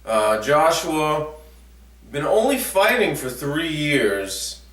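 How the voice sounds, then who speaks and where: A man's voice: fairly high pitch, very animated, takes it slowly, fairly bright tone. A man giving a chatty, jokey recap of a boxing match as a vlogger. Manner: chatty and jokey, with many fillers. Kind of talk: casual sports recap. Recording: echoey room, mic at a distance.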